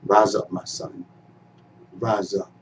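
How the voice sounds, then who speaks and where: A man voicing a wise, gentle African king speaking softly to his son in a folktale. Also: very animated, slow. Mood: reassuring. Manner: low, soft and reassuring. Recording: dull, slightly distant recording.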